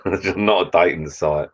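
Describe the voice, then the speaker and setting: A man's voice: low voice, fairly bright tone. A man hosting a casual live chat, full of cheeky banter and light swearing. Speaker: livestream host. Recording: dull lo-fi sound.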